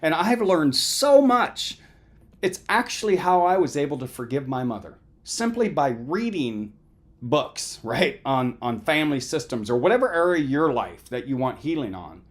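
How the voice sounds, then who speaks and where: Earnest middle-aged man, lively lecture. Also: on the high side, normal speed. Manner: earnest, conversational, addresses listeners directly with "right?". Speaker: lecturer on recovery. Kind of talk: motivational lecture.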